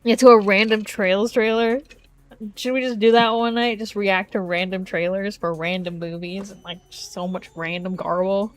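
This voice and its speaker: A woman's voice: mid-range voice, fairly even intonation, moderate pace, faint music behind. A woman streaming a game and chatting casually with her viewers, rambling along and breaking into exasperated exclamations, speaking into a desk microphone. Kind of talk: casual live-stream chat.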